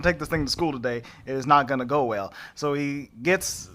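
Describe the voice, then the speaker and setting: A man's voice: on the high side, brisk, few pauses, pushed and bright. A man co-hosting a podcast, casually recapping a movie and acting out the characters with laughs. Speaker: podcast co-host.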